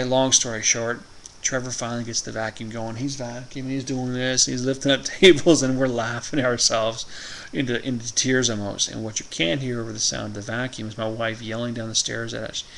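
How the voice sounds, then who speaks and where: Gravelly guy vlogging a goofy story, chuckles a lot, bit of hiss behind. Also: mid-range voice, fairly bright tone, poor audio. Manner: rambling, chuckling often. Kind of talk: casual storytelling.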